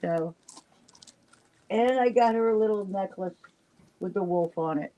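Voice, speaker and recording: A woman's voice: medium pitch, measured pace, mellow, dull audio, a little hiss or hum. An older woman, worn out, chatting casually on a live stream in a rambling way. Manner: rambling, chatty, trails off with fillers. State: exhausted. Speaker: live stream chat participant. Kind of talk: casual chat.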